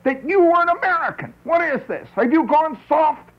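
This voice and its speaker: A man voicing an indignant right-wing man who accuses his listener of going soft, on a dull old radio recording. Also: extremely high pitch, animated, normal speed, pitched above the performer's own voice.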